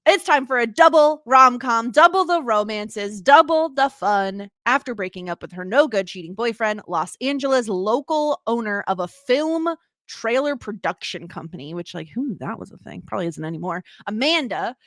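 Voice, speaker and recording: A woman's voice: a little high, expressive, normal speed, fairly bright tone, no echo, studio quality. A woman from the United States hosting a podcast in casual chat, playful and teasing. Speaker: podcast host.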